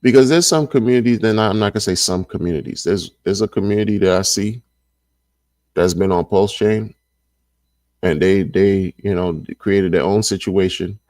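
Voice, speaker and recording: A man's voice: sits low, normal speed, a little mellow, no room sound, studio quality. A man hosting a casual livestream and reading the chat, talking in an emphatic, slangy way and repeating his points over and over. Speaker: crypto livestream host.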